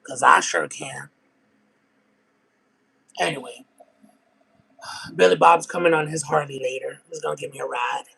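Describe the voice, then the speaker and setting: A man's voice: on the high side, unhurried, vocal fry, long pauses, crowd noise, rough recording. A man voicing a brash, crude trailer-park woman smoker who rambles through gossip in a comedic character monologue.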